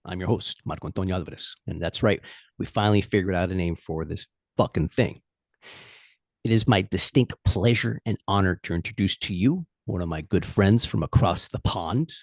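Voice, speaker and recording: Chill guy hosting a podcast on a video call, kinda low voice, dry close sound, laughs a lot. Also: moderate pace, no room sound. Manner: laughing, profane, easygoing. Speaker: podcast host. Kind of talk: casual podcast chat.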